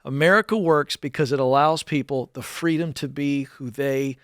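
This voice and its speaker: A man co-hosting a radio talk show who mostly agrees with the host and tells a short story calmly. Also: a little high, normal speed, clean tone, no room sound, clean studio sound. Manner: agreeable, brief backchannels, then a calm story. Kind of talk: casual studio chat.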